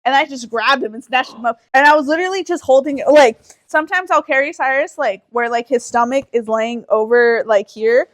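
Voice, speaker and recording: A young woman co-hosting a casual podcast, telling an animated story full of swearing and acted-out quotes. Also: sits high, fairly quick, hardly any pauses. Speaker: podcast co-host.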